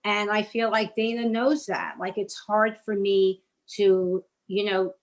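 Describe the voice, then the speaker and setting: Woman guest from New York, earnest and halting, flat delivery. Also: mid-range voice, poor audio. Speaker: guest, bereaved parent. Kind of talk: conversational thanks.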